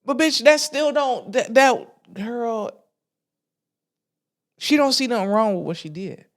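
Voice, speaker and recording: Animated, profane woman ranting. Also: a little high, slow pace. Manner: animated, profane, laughs often. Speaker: podcast host. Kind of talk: casual ranting commentary.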